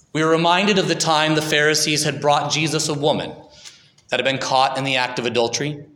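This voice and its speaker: A man telling a story in dramatic scripted narration, building quickly and slowing for emphasis. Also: on the high side, sharp tone. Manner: dramatic, shifts between quick build-ups and slow emphasis. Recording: echoey hall with long reverb.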